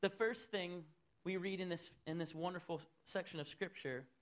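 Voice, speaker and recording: A man preaching a sermon as pastor in a church, swinging between loud, rising appeals and soft, low asides. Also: fairly even intonation, normal speed.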